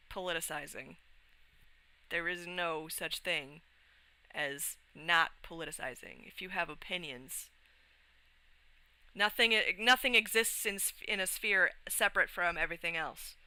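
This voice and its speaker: Bright, crisp rambling young streamer. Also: medium pitch, poor audio. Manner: rambling, with frequent restarts and swearing; laughs often while talking. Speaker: livestreamer. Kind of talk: casual livestream chat.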